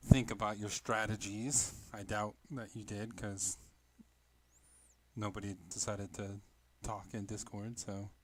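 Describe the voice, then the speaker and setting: A man's voice: lowish voice, level tone, measured pace, crowd noise. A man hosting as game master, in easygoing chat that teases his players.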